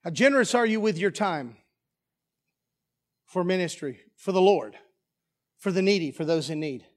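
High-voiced pastor preaching emphatically. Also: male voice, expressive, moderate pace. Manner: emphatic, rhetorical questions to the congregation. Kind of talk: sermon. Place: church sanctuary.

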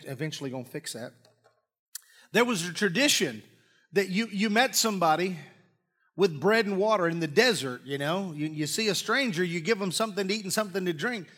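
A man preaching a sermon in a church, folksy and joking, often clearing his throat. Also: sits high, animated, moderate pace, sharp tone. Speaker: pastor. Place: church sanctuary with congregation. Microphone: live-streamed stage mic.

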